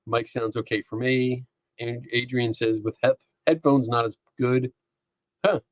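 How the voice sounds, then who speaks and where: Male stream host, rambling casual chat, dry close dynamic mic, mid pitch. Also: fairly even intonation, measured pace, no echo. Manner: rambling, chatty, laughs often, reads chat aloud. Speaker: podcast host. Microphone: dynamic microphone.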